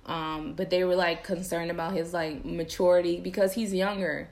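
Young woman host, chatty and animated, slightly low-pitched, laughs a lot; casual podcast talk. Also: normal speed. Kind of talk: casual chat to viewers.

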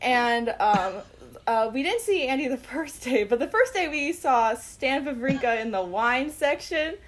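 A young woman excitedly telling a casual story, giggling often and using lots of fillers. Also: sits high, measured pace.

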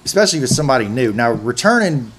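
A man in his forties hosting a casual chat, talking in a halting, rambling way with frequent restarts. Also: mid-range voice, sing-song. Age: 40s.

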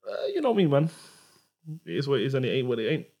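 Fast-talking, playful man. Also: medium pitch, sing-song, darkish tone, husky. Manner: playful, joking banter. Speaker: podcast co-host. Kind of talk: casual chat.

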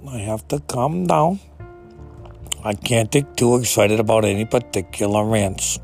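A man ranting in an exasperated, profane way at a slow, deliberate pace. His voice sits in a middle register and keeps climbing into outbursts before settling back down. Faint music plays underneath him. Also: medium pitch. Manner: exasperated, swearing, rising into outbursts. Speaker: ranting commentator. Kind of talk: profane comedic rant.

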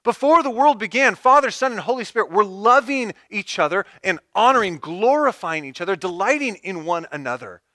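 A man's voice: sits high, animated, a little fast, few pauses, pushed and bright, dry recording, clean studio sound. A man preaching a sermon, stepping through numbered points and repeating key phrases for emphasis. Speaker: pastor.

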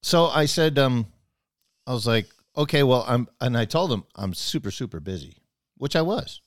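A man's voice: mid-range voice, lively intonation, normal speed, no room sound, studio quality. A man telling a long personal story in casual chat, rambling, restarting his sentences, and acting out both sides of the conversation.

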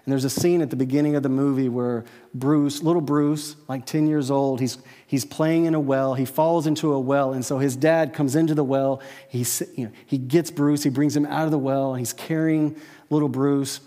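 A man preaching a sermon to a church congregation in a conversational way, often checking in with his listeners with a quick "right?". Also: medium pitch, steady tone, warm tone, big-room sound. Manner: conversational, peppered with "right?" tag questions. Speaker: pastor. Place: church service with a live audience.

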